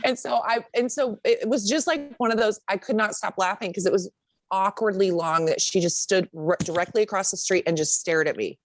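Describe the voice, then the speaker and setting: A woman's voice: medium pitch, brisk, no room sound. A young adult woman co-hosting a podcast, telling a story in casual chat, swearing freely and acting out what people said. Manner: lively storyteller who swears and acts out quotes. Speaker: podcast co-host.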